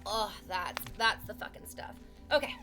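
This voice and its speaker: A woman's voice: mid-range voice, expressive, moderate pace, music in the background. A woman streaming from home, chatting casually with her viewers in a sarcastic, teasing way and swearing freely.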